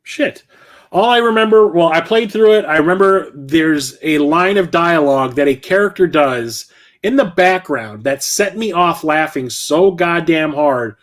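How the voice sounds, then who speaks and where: Middle-aged man, slightly high voice, casual vlog host who rambles, swears and corrects himself mid-thought. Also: expressive, a little slow. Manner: rambling, profane, self-correcting. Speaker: game collector and channel host.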